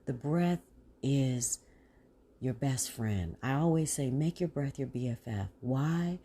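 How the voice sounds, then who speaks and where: This is a woman hosting a mindfulness podcast who talks listeners through stillness and deep breaths. Her voice is mellow, with a gravelly edge. She speaks in a relaxed, homey way, with a touch. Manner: calm, slow guiding voice; casual, says "y'all". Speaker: podcast host and mindfulness coach. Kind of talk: guided breathing meditation.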